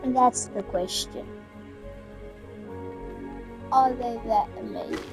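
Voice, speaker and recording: Woman playing a video game, slow chatty commentary, self-mocking asides, faint music behind. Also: fairly high pitch, huge pitch swings. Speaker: gamer. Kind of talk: let's play commentary.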